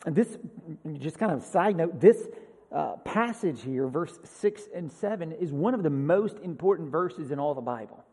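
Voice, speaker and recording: Earnest high-voiced male preacher in a hall. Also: expressive, moderate pace, breathy edge. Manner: earnest, swings from loud emphasis to hushed near-whisper. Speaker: pastor. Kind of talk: sermon. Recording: long hall reverb.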